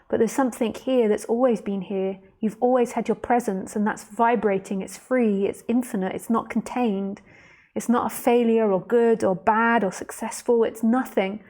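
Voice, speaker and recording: A woman giving a live-streamed spiritual talk. She speaks slowly, softly and reflectively, addresses the listener directly and reads out viewer comments as she goes. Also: on the high side. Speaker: spiritual teacher.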